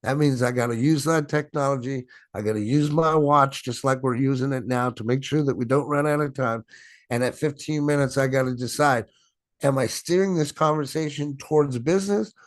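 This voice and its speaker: A man's voice: medium pitch, moderate pace, dry recording. A middle-aged man presenting a sales webinar as a coach, stressing and stretching his words and often asking "right?". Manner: emphatic, repeats "right?" and "my friends". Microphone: video call.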